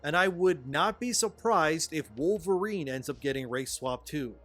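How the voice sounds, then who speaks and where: A man's voice: a little high, animated, normal speed, fairly bright tone, soft background music. Sarcastic man narrating scripted commentary. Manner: sarcastic, exasperated.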